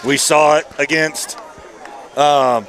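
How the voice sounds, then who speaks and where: A man doing folksy, lively play-by-play for a high school football game at an outdoor stadium. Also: takes it slowly, some chatter behind. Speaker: play-by-play announcer. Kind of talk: sports commentary.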